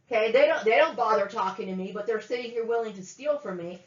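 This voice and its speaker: A woman vlogger with a fairly high-pitched voice rants angrily and profanely, talking fast with few pauses, repeating herself and ending lines with "okay?" The recording is echoey and has a dull, lo-fi quality.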